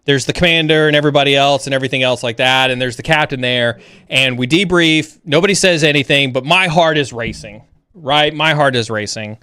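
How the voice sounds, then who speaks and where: Bright-voiced man telling a lively story. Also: clear, resonant tone, dry recording, studio quality. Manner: animated, rising pitch when excited; halting with frequent restarts. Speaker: livestream host. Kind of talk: casual storytelling.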